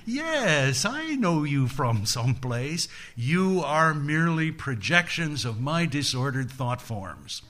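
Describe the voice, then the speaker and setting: Man playing a serene young prince, raised pitch, brushing off his tormentors. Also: expressive, a little slow, few pauses, pushed and bright. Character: serene young male prince, calmly dismissive.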